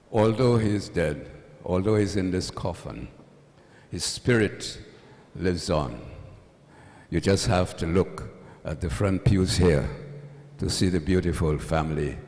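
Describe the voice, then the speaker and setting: A male priest reading the gospel and preaching at a funeral service in a church, with a measured, solemn delivery and touches of dry humor. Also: deep voice, a little mellow. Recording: long church reverb.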